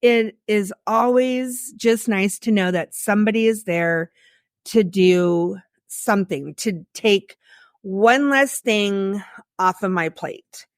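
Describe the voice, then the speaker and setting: A woman's voice: medium pitch, takes it slowly, dry recording. Chatty woman podcast co-host, dry sound. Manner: chatty, laughs often. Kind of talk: casual chat.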